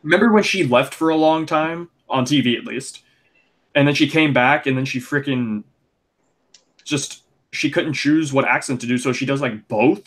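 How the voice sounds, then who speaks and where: A man's voice: medium pitch, moderate pace. Chatty young man riffing on wrestling. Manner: chatty, rambling, animated opinions with lots of fillers. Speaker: podcast co-host. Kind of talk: casual wrestling podcast chat.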